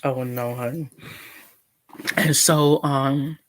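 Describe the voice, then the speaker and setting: A woman's voice: a bass voice, steady tone, slow. A woman telling a long, indignant story to her live-stream viewers at home, rambling with many restarts and eating as she talks. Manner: eating while talking. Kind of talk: casual storytelling.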